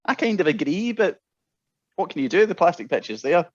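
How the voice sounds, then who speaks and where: A man's voice: high-pitched, very animated, a little fast. Scottish guy chatting and laughing a lot, telling stories, kinda muffled lo-fi audio. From Scotland. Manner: chatty storyteller, laughs often. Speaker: guest musician. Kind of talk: casual chat.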